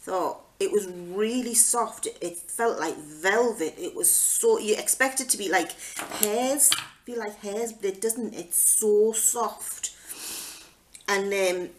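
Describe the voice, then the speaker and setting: A woman's voice: mid-range voice, takes it slowly, slight background noise, low-quality recording. A middle-aged woman telling a story in a casual, rambling way, full of restarts and fillers. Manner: acts out her own past reactions. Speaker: craft channel host.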